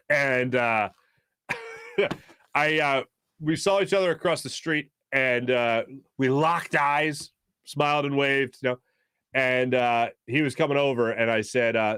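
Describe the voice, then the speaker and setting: Animated sports-talk host with a dry sound. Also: male voice, medium pitch, smooth, no echo. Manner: animated, rambling, quick bursts with fillers. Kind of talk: casual sports talk with live ad reads.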